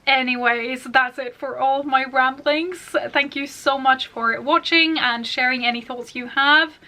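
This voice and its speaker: A woman's voice: high-pitched, steady tone, a little slow, pushed and bright. A woman beauty vlogger talking casually and at length about her makeup, with many fillers. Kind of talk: chatty makeup collection vlog.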